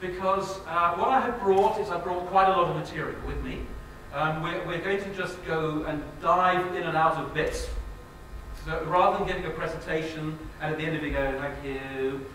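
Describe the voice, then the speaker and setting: A man's voice: high voice, fairly even intonation, normal speed, fairly bright tone. Joking Englishman in an echoey hall. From England. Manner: joking, self-mocking, quizzes the audience. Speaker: guest speaker. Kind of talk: live talk to an audience. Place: lecture hall with an audience. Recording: very echoey hall, distant mic, noisy.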